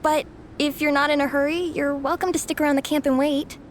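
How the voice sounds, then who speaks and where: An actress playing a theatrical young student and comic-book fan in a game, talking in an expressive, dramatic manner. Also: female voice, high voice, fairly quick, slight background noise, natural voice. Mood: pleading. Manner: theatrical, pleading then mock-solemn.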